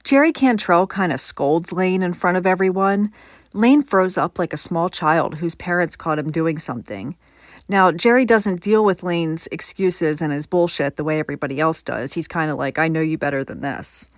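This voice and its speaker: A woman's voice: on the low side, no echo, studio quality. A woman hosting a podcast, telling a story in a conversational way and adding her own opinions. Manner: conversational, gives personal opinions. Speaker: podcast host. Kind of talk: scripted podcast narration.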